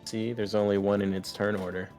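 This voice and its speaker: A man's voice: on the low side, little pitch movement, a little fast, a little mellow, soft background music. A young man acting as game master, narrating loosely with lots of filler words. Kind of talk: running a tabletop game over voice chat.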